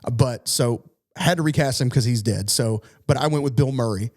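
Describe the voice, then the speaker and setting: A man's voice: medium pitch, moderate pace, darkish tone. Joking man in casual podcast chat. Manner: joking, laughs easily. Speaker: podcast co-host.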